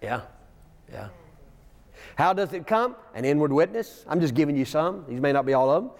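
In a church sanctuary with long reverb, a man with a high-leaning, animated voice and some vocal fry preaches at a moderate pace. His sermon is folksy, full of stories and chuckling asides, and he reads scripture aloud.

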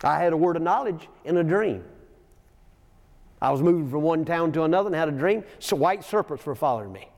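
The preacher is a man whose voice is a little high and a little mellow, expressive and slightly fast. In a church sanctuary with long reverb, he gives a folksy sermon, telling stories, chuckling in asides and reading scripture aloud.

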